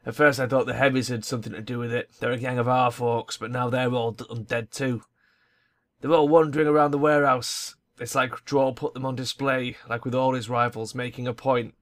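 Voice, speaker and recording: A man's voice: medium pitch, little pitch movement, a little fast, lightly acted. A man reading a nervous runaway gang member. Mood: worried. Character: nervous young male gang member in hiding. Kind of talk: voicing a video game character.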